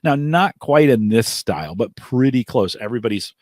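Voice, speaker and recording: A man co-hosting a podcast in casual chat, earnest and quick to laugh. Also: mid-range voice, expressive, darkish tone, no room sound, clean studio sound. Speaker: podcast co-host.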